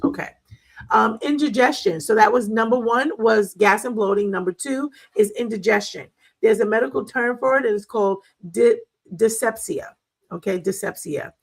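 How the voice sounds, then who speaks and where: A woman's voice: fairly high pitch, normal speed, gravelly, breathy edge, poor audio. A middle-aged woman hosting a wellness talk, chatting casually and telling stories with frequent laughs and fillers. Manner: chatty, storytelling, laughs often, many fillers. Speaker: wellness show host.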